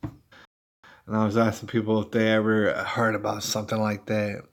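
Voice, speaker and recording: A man's voice: on the low side, completely flat delivery, normal speed. A man hosting a casual livestream from home, rambling conversationally and calling his viewers "y'all.". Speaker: livestream host.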